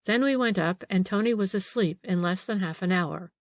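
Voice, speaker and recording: A woman's voice: medium pitch, normal speed, no room sound, studio quality, lightly acted. A woman voicing a frightened middle-aged female housekeeper in an audiobook, anxious and eager to please. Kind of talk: audiobook character reading.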